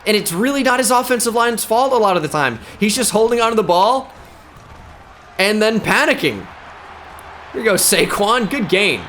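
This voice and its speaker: A man giving live play-by-play commentary on his own video game, muttering to himself and shouting on big plays. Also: high-pitched, expressive, normal speed, a little hiss or hum. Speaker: gaming YouTuber.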